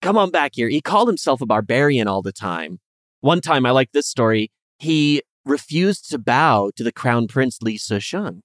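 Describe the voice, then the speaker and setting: A man's voice: mid-range voice, moderate pace, no echo, clean studio sound. A man co-hosting a podcast, casually telling history and acting out the people in it with funny voices. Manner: animated, acts out characters in funny voices. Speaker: podcast co-host.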